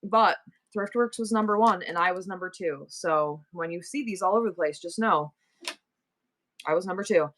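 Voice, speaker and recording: This middle-aged New Yorker runs a live selling stream, bantering playfully with her viewers. Her voice is fairly low and slightly bright, and she talks at a normal speed.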